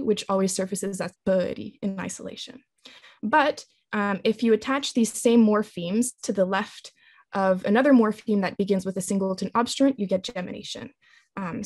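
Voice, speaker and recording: A woman presenting a linguistics talk with slides, explaining in a measured way with frequent ums and restarts. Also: medium pitch, a little mellow, no echo.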